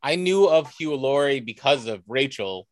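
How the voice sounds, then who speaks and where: Animated American man telling stories. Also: mid-range voice, moderate pace, no echo. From United States. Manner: animated, enthusiastic anecdote telling. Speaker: cosplayer guest. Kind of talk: casual conversational storytelling.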